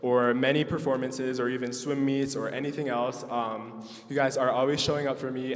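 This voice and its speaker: In a reverberant recital hall with an audience, a young male student pianist delivers an emotional thank-you at his recital, stumbling through ums and nervous laughs. His voice is medium-pitched and flat, at a moderate pace, and sounds distant.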